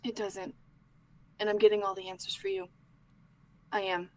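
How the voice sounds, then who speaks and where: A woman playing Arlo, a grieving young man, talking in halting, pleading bursts that sink to whispers. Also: medium pitch, sing-song, rough recording.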